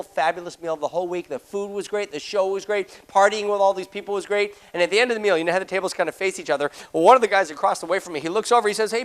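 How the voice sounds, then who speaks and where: A middle-aged man giving a motivational seminar, telling a story fast and acting out the voices of the people in it. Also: high voice, fairly bright tone. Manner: rapid-fire, acts out quoted voices. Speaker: motivational speaker.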